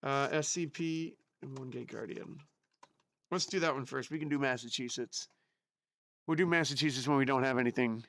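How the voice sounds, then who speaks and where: A man's voice: mid-range voice, normal speed, a bit bright, dry recording. A man from the United States chatting casually with his live-stream audience in a chatty, giggly way, with an unusual voice. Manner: chatty, giggly, reacts to chat.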